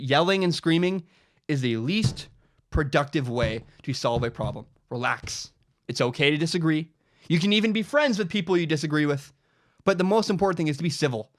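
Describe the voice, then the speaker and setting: A young man delivering a fired-up opinion monologue as host, animated and repeating himself for emphasis. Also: fairly high pitch. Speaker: podcast host giving his opinion.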